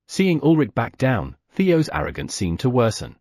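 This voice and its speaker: A man narrating an audiobook with expressive storytelling. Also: mid-range voice, normal speed, few pauses, no echo, studio quality. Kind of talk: scripted narration.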